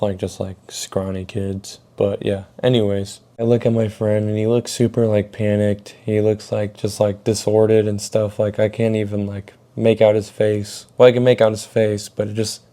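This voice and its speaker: A man's voice: on the low side, mellow. A young man telling a story in a rambling way, swearing a lot and full of filler words. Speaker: storytelling vlogger. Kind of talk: casual storytelling.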